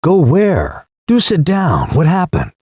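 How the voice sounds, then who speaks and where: A man's voice: wildly swooping pitch, measured pace, warm tone, no echo, studio quality. A male narrator playing an agitated, sardonic young Englishman in an audiobook reading. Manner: exclaiming, high-strung.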